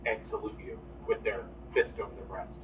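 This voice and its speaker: A man's voice: fairly low pitch, level tone, normal speed. Man narrating a tabletop game from afar. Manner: descriptive narration with frequent restarts. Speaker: game master. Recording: roomy, distant mic, faint noise.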